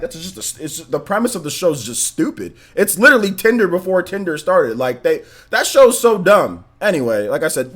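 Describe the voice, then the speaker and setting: A man's voice: on the high side, breathy edge. Rambling young man hosting a live stream. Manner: loose and rambling, fast shout-outs to viewers. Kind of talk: casual live stream chat.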